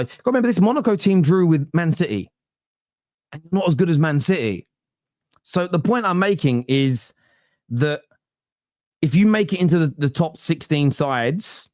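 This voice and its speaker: A man hosting a casual football fan podcast, reading chat comments and telling stories with animated, rising emotion. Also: dry recording, studio quality. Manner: animated storyteller, often rising in pitch when worked up.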